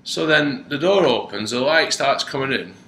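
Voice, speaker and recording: A man co-hosting a podcast, telling an animated story in casual chat and slipping into other people's voices. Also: mid-range voice, moderate pace. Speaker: podcast co-host. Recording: echoey room with faint noise.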